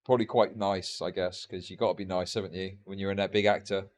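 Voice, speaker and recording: A man's voice: low-pitched, fairly even intonation, fast talker. A young man streaming live reaction commentary, profane and mocking with sarcastic asides.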